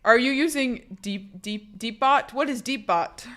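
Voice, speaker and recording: Woman, live streamer, casual rambling chat, joking, swears a lot, slightly high pitch. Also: unhurried, a bit bright.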